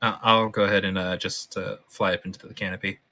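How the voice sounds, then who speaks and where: A man's voice: sits low, flat delivery, fast talker, pushed and bright, no echo. A man playing a tabletop game, chatting casually and hesitantly, stammering. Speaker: player. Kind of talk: casual chat.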